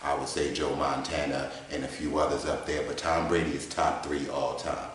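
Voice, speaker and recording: Quiet, mild male debater, very low and soft, measured and hesitant, echoey garage, put on by a man. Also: level tone, slight background noise.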